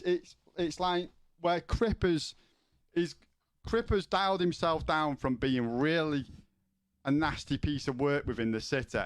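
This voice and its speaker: A man's voice: medium pitch, dry recording, studio quality. A man streaming, chatting casually with viewers in a rambling way, with many restarts and questions to chat.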